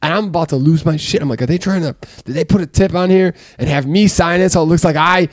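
Animated man ranting in casual chat. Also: on the high side, fast, no room sound, clean studio sound. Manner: animated storyteller, exasperated rants. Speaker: podcast co-host.

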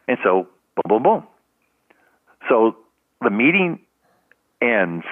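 A man's voice: medium pitch, very animated, slow, pauses often, no echo. Older man telling stories over a tinny phone line. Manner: rambling anecdotes full of "you know" and restarts, acting out other people's lines. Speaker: guest, retired baseball team trainer. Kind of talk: casual storytelling in a podcast interview.

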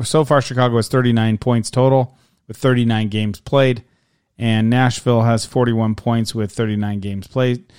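Smooth-voiced man reading off standings. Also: mid-range voice, dry recording, studio quality. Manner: relaxed, rattling off scores and standings. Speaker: podcast co-host. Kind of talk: casual sports chat.

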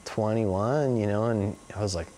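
As an interview guest, a man in his forties rambles through long stories, sprinkling in "like" and "you know." He speaks at a moderate pace in a mellow voice on the low side, and there's a little hiss or hum.

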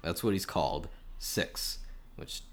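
A man co-hosting a film podcast, talking through his opinions in a chatty, measured way with lots of filler words. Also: sits low. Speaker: podcast co-host. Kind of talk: casual film review chat.

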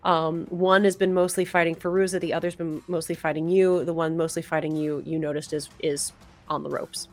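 A woman narrating a tabletop game as game master, chatty and relaxed, with many fillers. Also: sits low, a little fast.

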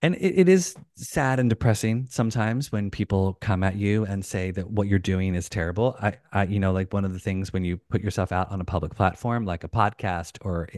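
A man's voice: deep voice, a little fast, hardly any pauses, dry recording, clean studio sound. A man as a podcast guest, chatting casually and animatedly, often restarting his sentences. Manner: animated, rambling with many restarts. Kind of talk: casual chat.

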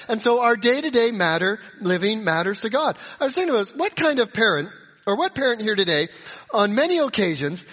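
A middle-aged man preaching a sermon, swinging from emphatic high points to quiet, confiding asides. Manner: rises to emphatic peaks, drops to soft confiding asides. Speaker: pastor.

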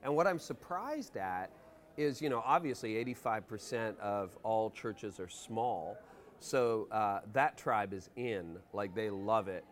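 A man's voice: lowish voice, lively intonation, a little slow. A man with a Canadian accent talking casually as a podcast guest, chatty and self-deprecating, laughing easily.

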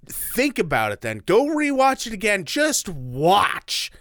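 Jokey man with a lively voice. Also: high-pitched, takes it slowly, no echo, clean studio sound. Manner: jokey, slips into silly voices. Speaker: podcast co-host. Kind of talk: casual movie chat.

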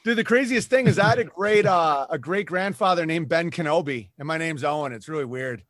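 Animated high-voiced male comedian ranting. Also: fairly quick, dry recording, studio quality. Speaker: comedian guest. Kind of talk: casual podcast chat.

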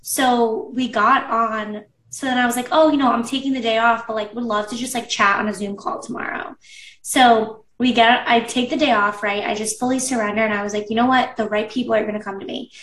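A woman's voice: on the high side, steady tone, a little fast, fairly bright tone, far from the mic. A woman business coach chatting casually in an interview, saying "like" often and acting out her past thoughts. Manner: chatty, says "like" a lot, acts out her own past thoughts. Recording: echoey room, voice a bit off-mic.

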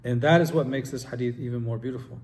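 A man's voice: medium pitch, fast talker, darkish tone, slight background noise. A man teaching an Islamic study class, reading quotes aloud and putting questions to his students. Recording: long hall reverb, faint ambience.

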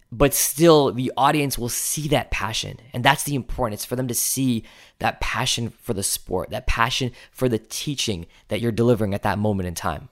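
A man's voice: mid-range voice, fairly bright tone. A man hosting a coaching podcast, giving an instructional talk that shifts pace and stresses key words, sometimes counting items aloud to himself.

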